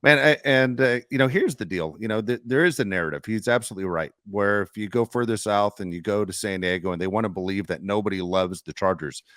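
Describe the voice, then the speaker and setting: A man's voice: lowish voice, fast, hardly any pauses, fairly bright tone, no room sound, clean studio sound. A man co-hosting a sports podcast, giving his opinions emphatically and talking straight to his listeners. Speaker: podcast co-host. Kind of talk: casual sports talk.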